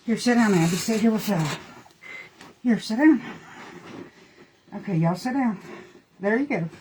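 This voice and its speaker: A woman's voice: mid-range voice, lively intonation, measured pace, mellow, a little hiss or hum. Chatty woman doing makeup live. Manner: chatty, folksy, talks to her dogs. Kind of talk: casual live makeup demo.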